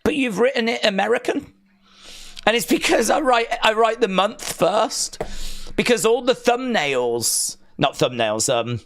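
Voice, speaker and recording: English male streamer, casual jokey rambler, bouncy and somewhat high-pitched delivery. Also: fairly bright tone. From England. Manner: rambling, joking, chatty asides. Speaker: wrestling watch-along streamer. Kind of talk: casual live-stream chat.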